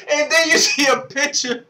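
A woman's voice: mid-range voice, noisy background. A woman vlogger ranting casually to her viewers, breaking into laughter so hard she is in tears. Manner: talks through constant fits of laughter. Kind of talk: casual video rant. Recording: echoey room.

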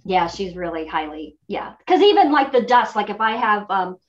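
A woman voice actor guest in a casual chat, friendly and quick to laugh. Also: mid-range voice, sing-song, lo-fi sound.

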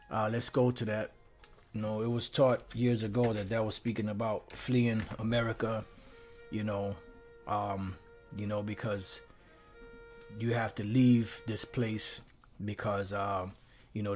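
A man leading an informal live scripture lesson, reading verses aloud and talking loosely with lots of "you know" and "um", pushing his points with emphasis. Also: lowish voice. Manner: turns emphatic and preachy when driving points home.

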